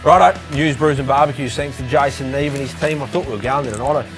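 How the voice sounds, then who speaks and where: An Australian man hosting a racing show, brisk and teasing in casual chat. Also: medium pitch, faint music behind.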